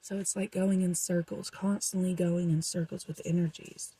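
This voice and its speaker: A woman's voice: fairly low pitch, little pitch movement, normal speed, warm tone, breathy edge, no echo, rough recording. A young woman doing a casual, rambling tarot reading for her viewers, with frequent fillers. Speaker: tarot reader.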